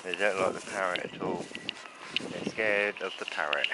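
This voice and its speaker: A man with a fairly low voice chats warmly to his camera as he feeds pigeons outside. He laughs often and calls the birds over by name. His handheld camera picks up clear traffic noise from the street. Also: measured pace. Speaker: vlogger feeding pigeons. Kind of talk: casual outdoor vlog narration. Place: outdoors by puddles, rain.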